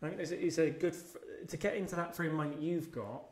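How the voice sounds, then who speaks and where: A man, a podcast guest, talking earnestly in casual chat and often agreeing with quick yeahs. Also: on the high side, roomy sound.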